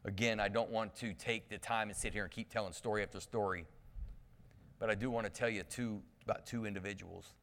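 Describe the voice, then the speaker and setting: A man's voice: lowish voice, brisk. A male pastor giving a sermon, telling camp stories with humor and calling out to the congregation. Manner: lively storytelling with humor and call-outs to the congregation. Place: church sanctuary. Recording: long reverb of a church hall.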